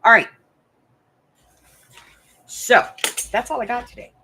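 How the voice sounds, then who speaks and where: A woman's voice: on the high side, slow pace, background noise. An older woman from the United States hosting a crafting channel, chatting casually and rambling to her viewers while she thinks aloud.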